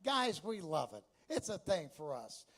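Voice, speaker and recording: A man's voice: a little high, sing-song, a little slow, fairly bright tone. A man from Texas doing a stand-up comedy routine, brash and chatty, with crude punchlines.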